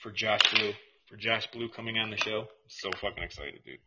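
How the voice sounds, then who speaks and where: A man co-hosting a podcast in casual chat, excitable and loose, swearing and calling people dude. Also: on the low side, normal speed, noisy background. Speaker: podcast co-host. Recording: slightly muffled lo-fi audio.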